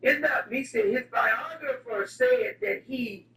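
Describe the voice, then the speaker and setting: A man's voice: very high voice, big pitch swings, slow, creaky, pushed and bright. A man delivering a comedic, rambling rant in a digressive, mock-serious way. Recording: roomy echo, distant mic, music behind.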